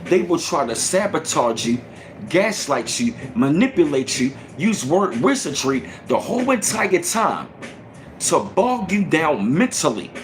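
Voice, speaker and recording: Animated, ranting man in echoey room. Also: on the high side, unhurried, a little hiss or hum. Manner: animated, profane, repetitive ranting. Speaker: channel host. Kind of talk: casual ranting livestream.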